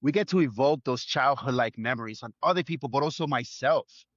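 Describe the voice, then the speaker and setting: A man's voice: mid-range voice, a little fast, a bit bright, no echo, lo-fi sound. A man, a chef, speaking earnestly in an interview, building his points in short lists. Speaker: chef guest. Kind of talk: reflective interview talk.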